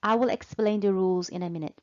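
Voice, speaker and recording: A woman teaching English in a slow, deliberate way, patiently repeating and stretching out key words for learners. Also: mid-range voice, dull audio. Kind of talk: slow, deliberate language lesson.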